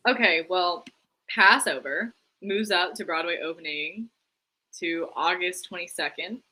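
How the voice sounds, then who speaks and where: Chatty young woman with a bright voice. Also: fairly low pitch, animated, unhurried, slight background noise, rough recording. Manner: chatty, lots of "like", laughs easily. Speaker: co-host. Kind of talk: casual chat about theater news.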